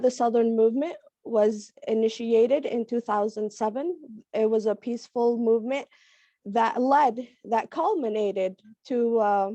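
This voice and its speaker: Woman, raspy, hoarse from a cold, slow, halting, dull lo-fi call audio. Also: fairly high pitch, darkish tone, no room sound. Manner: halting, with many fillers. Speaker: panel speaker. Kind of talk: online panel talk. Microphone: video call.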